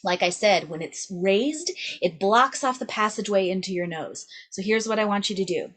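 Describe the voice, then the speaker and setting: A woman's voice: medium pitch, expressive, moderate pace, fairly bright tone. A young adult woman teaching a singing lesson, upbeat and demonstrative, checking in with "right?" after nearly every phrase. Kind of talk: vocal lesson to camera.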